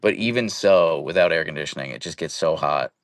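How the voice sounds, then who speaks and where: A man's voice: a bass voice, expressive, brisk, dry recording, clean studio sound. A young man hosting a casual live stream from home, chatting playfully and greeting viewers by name. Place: at home, indoors.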